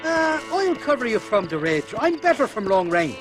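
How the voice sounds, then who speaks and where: A man's voice: very high-pitched, very animated, normal speed, music in the background. An actor with an Irish accent playing a whiny, sly, drunken male arms dealer. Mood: wheedling.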